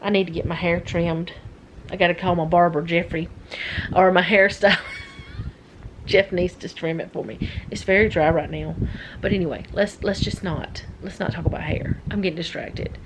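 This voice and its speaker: A woman's voice: on the low side, steady tone, normal speed, background noise. A middle-aged woman chatting casually as a vlogger, rambling and easily sidetracked. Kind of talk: casual chat.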